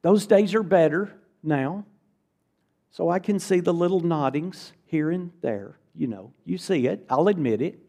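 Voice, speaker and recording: A man's voice: a little high, measured pace, gravelly, warm tone. A middle-aged man preaching a conversational, earnest sermon to a church congregation, often repeating words for emphasis.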